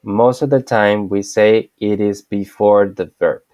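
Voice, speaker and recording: Male Spanish teacher, unhurried, dry close sound, repeats examples patiently. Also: fairly low pitch, steady tone, darkish tone, no room sound. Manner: explains slowly, repeats example sentences. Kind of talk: online language lesson.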